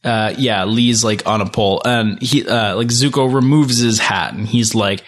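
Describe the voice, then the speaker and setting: A man's voice: on the low side, normal speed, fairly bright tone. Rambling man in casual chat. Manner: rambling, heavy use of "like" and "um". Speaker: podcast co-host recapping an episode.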